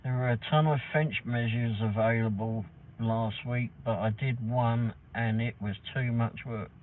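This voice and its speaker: A man's voice: medium pitch, fairly even intonation, a little slow. A man hosting a livestream, chatting in a rambling, casual way with some mild swearing. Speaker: livestream host. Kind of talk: casual chat. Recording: tinny phone-like sound from a distance, faint noise.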